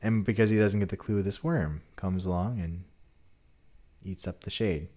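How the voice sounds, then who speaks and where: A man casually retelling a Bible story in a relaxed, conversational way. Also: sits low, moderate pace. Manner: relaxed retelling, often drops to a quieter tone.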